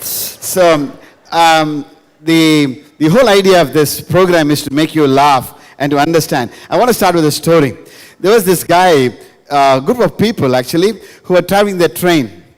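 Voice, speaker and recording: Lively pastor telling jokes. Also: male voice, a little high. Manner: storytelling with jokes, emphatic repetition. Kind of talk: humorous sermon to a live audience. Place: school hall, live event. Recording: reverberant hall.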